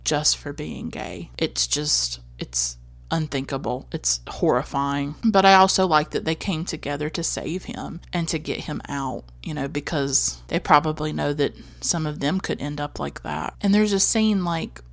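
A woman with a Southern US accent talks through a film she loves in a casual monologue. Her voice sits low with a gravelly edge, and the recording is dry and close. She speaks earnestly and with emphasis. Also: a little slow, no echo. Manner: earnest, emphatic, frequent "like" and "you know". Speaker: film reviewer.

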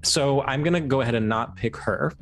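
A man co-hosting a comedy podcast, animated and giggly, trailing off into fillers. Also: medium pitch, fairly quick, soft background music. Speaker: podcast co-host. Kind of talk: casual comedic chat.

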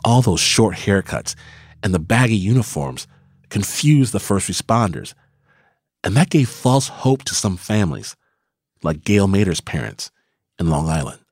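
A man narrating a documentary in a measured, scripted storytelling manner. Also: on the low side, lively intonation, a little mellow, breathy edge, dry recording, clean studio sound.

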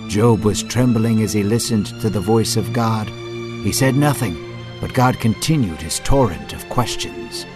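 A man's voice: on the low side, unhurried, a little mellow, faint music behind. Earnest male Bible story narrator. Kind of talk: scripted dramatic narration.

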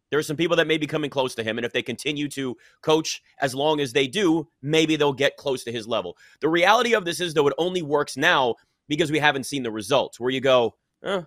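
A man's voice: mid-range voice, fairly bright tone, no room sound, studio quality. A man hosting a sports talk debate, emphatic and opinionated.

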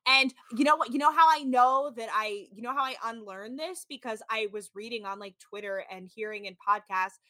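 Fairly high-pitched and speaking at normal speed with few pauses, a woman in her thirties co-hosts a podcast with no echo in the audio. She recaps a reality show casually, acting out quotes and leaning heavily on "like" as she animatedly tells stories.

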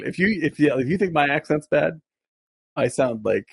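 Gravelly, husky-voiced man chatting. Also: on the high side, dry recording, studio quality. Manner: animated, quick laughs, repeats words. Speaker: podcast co-host. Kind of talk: casual chat about films.

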